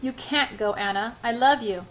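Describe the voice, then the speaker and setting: A man's voice: very high-pitched, moderate pace, fairly bright tone, slight background noise, low-quality recording. A woman reading the part of an intense, controlling young male lover in her own voice, with occasional slips. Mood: desperate. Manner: read plainly with slight emphasis, occasional slips.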